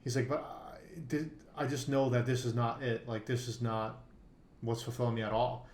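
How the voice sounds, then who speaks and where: A man co-hosting a poker podcast, telling a long story in loose casual conversation. He rambles, piles up fillers and false starts, and speaks at a middle pitch. His voice bounces around an echoey room. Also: fairly even intonation, moderate pace, a little mellow, a little hiss or hum.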